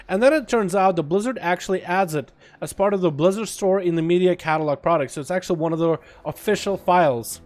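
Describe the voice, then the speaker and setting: A man's voice: on the high side, darkish tone. A young man casually commentating his game livestream, laid-back, laughing often and swearing casually. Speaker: gaming streamer.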